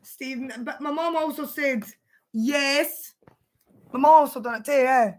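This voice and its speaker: A woman's voice: high voice, unhurried. A woman hosting a livestream, chatting casually with her partner, swearing freely and laughing often. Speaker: livestream host.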